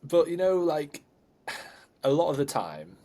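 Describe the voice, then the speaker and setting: A man's voice: a little high, very animated, a little slow, mellow. A man co-hosting a podcast as a coach, chatting bluntly and swearing casually. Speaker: podcast co-host, bodybuilding coach.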